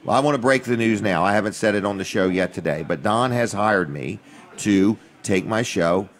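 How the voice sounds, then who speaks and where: A man's voice: lowish voice, normal speed, slight background noise. A man with a Delaware accent hosting a casual radio talk show from a restaurant, chatty and folksy. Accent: Delmarva (Delaware). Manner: folksy, chatty, easily moved.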